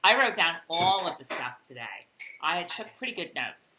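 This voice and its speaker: A woman's voice: fairly low pitch, sing-song, moderate pace, background noise. A woman co-hosting a podcast over a video call, chatting casually with giggles and lots of fillers. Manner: giggly, rambling with many fillers. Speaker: podcast co-host. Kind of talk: casual chat.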